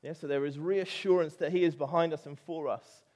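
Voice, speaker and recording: A man's voice: fairly high pitch, fairly even intonation, fairly quick, darkish tone. A man with an English accent preaching a sermon, telling a story with animation and rising to emphatic peaks.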